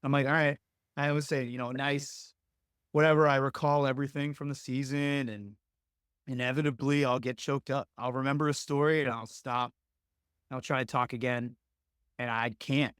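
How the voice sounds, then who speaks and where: A man's voice: mid-range voice, fairly even intonation, normal speed, a bit bright, smooth, no echo, studio quality. A young adult man telling coaching stories in casual podcast talk, earnest and rambling with many fillers. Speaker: lacrosse coach, podcast guest.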